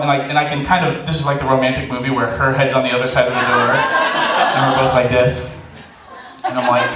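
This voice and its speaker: A man telling a funny personal story on stage before a live audience, animated and laughing, acting out the voices he quotes. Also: mid-range voice, far from the mic. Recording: echoey live hall recording, faint hiss.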